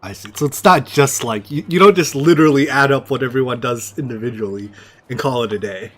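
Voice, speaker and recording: A man's voice: medium pitch, a little fast, fairly bright tone. A man streaming a game, chatting and musing aloud as he plays, his voice tired and strained. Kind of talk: casual gameplay commentary.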